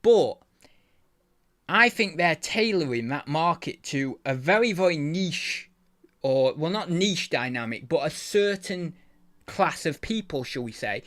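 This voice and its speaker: A man's voice: on the high side, lively intonation, unhurried, a bit bright. A man hosting his channel, chatting casually and rambling, often losing his thread. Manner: rambling, loses his thread, mild swearing. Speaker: channel host, eBay reseller.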